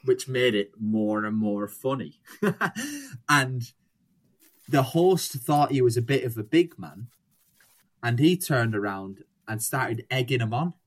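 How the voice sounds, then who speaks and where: A young man tells a rambling anecdote in casual chat, swearing freely and slipping into the voices of the people in the story. His voice sits at an ordinary middle pitch. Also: big pitch swings, slow pace, pauses often.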